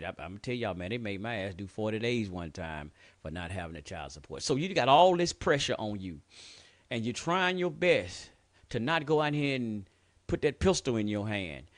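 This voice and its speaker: A man hosting a show, talking candidly and bluntly in a heartfelt personal monologue, swearing often and saying "man" a lot. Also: mid-range voice. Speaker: show host.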